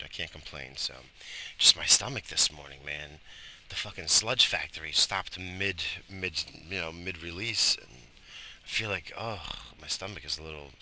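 A man's voice: deep voice, pushed and bright, a little hiss or hum. A middle-aged man, tired and coughing, rambling profanely in a casual morning vlog. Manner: profane, rambling, loose and chatty. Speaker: vlogger.

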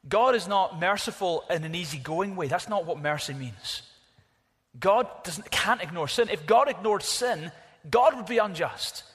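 A preacher delivers a sermon with emphatic, animated storytelling. His voice sits a little high for a man. A long reverb trails after every phrase, as in a large hall. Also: unhurried, slightly rough.

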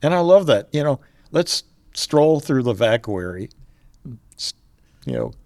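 Older man, relaxed storyteller. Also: mid-range voice, measured pace, no echo. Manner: storytelling, chuckles often. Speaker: podcast guest. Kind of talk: casual chat.

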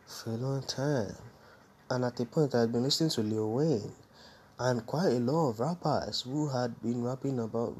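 A man with a fairly low voice talks alone on his podcast in a loose, candid way. He wanders through his story and keeps stopping to correct himself. Faint noise sits under the recording. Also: a bit bright. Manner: rambling, self-correcting, candid. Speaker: podcast host. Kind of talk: casual solo storytelling.

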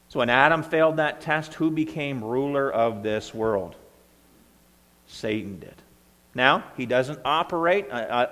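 Conversational pastor in a reverberant hall. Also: male voice, fairly high pitch, a bit bright. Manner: conversational preaching, frequent "right?" and "okay?" checks. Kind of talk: sermon.

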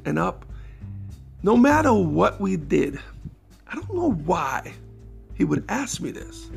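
A middle-aged man with an extremely gravelly, fry-laden voice, pitched a bit high for a man. He rambles through family stories, laughing between them and leaning on fillers. Soft guitar music sits faintly behind. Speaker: podcast host. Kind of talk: casual storytelling monologue.

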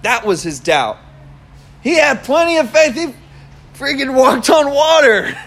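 A young man with a notably high voice preaches in a loose, conversational way. He tells stories with energy and breaks into laughs along the way. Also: a little slow. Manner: conversational, animated storytelling with laughs. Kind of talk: casual sermon.

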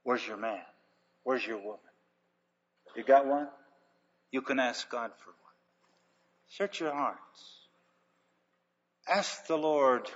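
A man's voice: medium pitch, slow pace, long pauses, a bit bright. An older man preaching a sermon, telling folksy stories with emphasis. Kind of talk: sermon storytelling. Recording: dull lo-fi recording in a reverberant hall.

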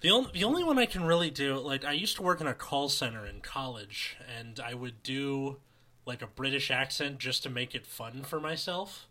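A man's voice: mid-range voice, lively intonation, moderate pace, pushed and bright. A man co-hosting a comedy podcast, chatting easily and dropping dry quips. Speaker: podcast co-host. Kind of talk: casual comedy chat.

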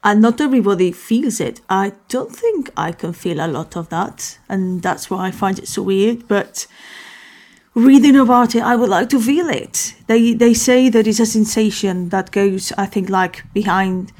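A woman's voice: mid-range voice, normal speed, darkish tone. A woman hosting a casual solo talk, rambling and often correcting herself.

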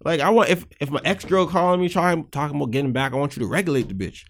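A man's voice: a little high, fast talker. A young man co-hosting a podcast, chatting casually and animatedly, swearing and acting out the voices he quotes. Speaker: podcast co-host.

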